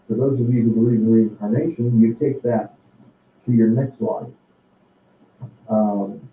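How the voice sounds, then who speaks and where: A man's voice: fairly low pitch, vocal fry, slight background noise. A middle-aged man, hosting a casual live show, rambling with lots of fillers while he gives life advice. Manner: rambling, folksy, advice-giving, many fillers. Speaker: host. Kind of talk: casual live-stream monologue. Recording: echoey tinny distant phone-like audio.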